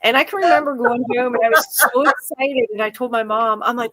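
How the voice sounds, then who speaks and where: A woman with a fairly high voice chats on a relaxed podcast. She tells stories with animation and slips into the voices of the people in them. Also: brisk, hardly any pauses. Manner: animated storyteller, acts out quoted voices. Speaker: podcast co-host. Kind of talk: casual chat.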